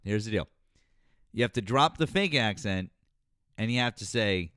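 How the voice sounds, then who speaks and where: Man, call-in host, teasing, lively delivery, dry sound. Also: on the low side, moderate pace, long pauses, dry recording. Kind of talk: casual live call-in chat.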